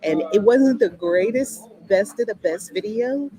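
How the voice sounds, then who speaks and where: A woman's voice: medium pitch, animated, measured pace, mellow, low-quality recording. A woman with a mid-range voice leads a live daily spiritual lesson, heartfelt and effusive as she talks and reads a prayer. She speaks into a laptop's built-in mic.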